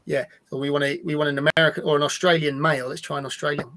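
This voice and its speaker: A man walks viewers through a software product on a live stream, his voice sitting a little high. He rambles, restarts sentences and repeats words as he clicks through features in a loose, chatty way. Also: little pitch movement, racing. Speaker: product demo presenter.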